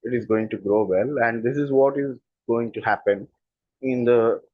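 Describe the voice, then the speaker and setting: A man's voice: medium pitch, normal speed, no echo, narrow, tinny audio. A man with a standard Indian English accent, a communication skills coach explaining his views earnestly and stressing points by repeating them. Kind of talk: explanatory talk.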